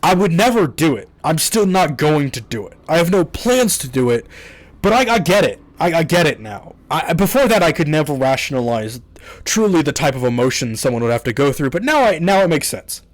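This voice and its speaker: A man's voice: fairly high pitch, very animated, brisk, no room sound. A man telling a story in a rambling, casual rant to his YouTube audience, exasperated and swearing often.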